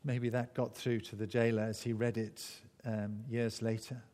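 A man's voice: on the low side, level tone, moderate pace, mellow. A man preaching a sermon, telling the story vividly and acting out the voices. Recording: echoey hall.

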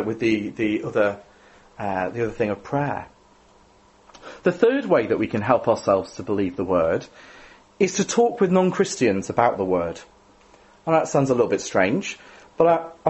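A man's voice: medium pitch, a little mellow, muffled recording. A man giving a sermon in a conversational, self-deprecating way, often adding tag questions. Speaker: preacher.

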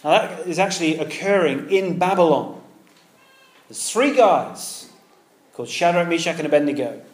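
A male preacher with a fairly high voice gives an earnest, conversational sermon. He swings from loud, emphatic phrases to hushed, tender ones. The sound carries a roomy echo, as in a church hall. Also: animated, normal speed.

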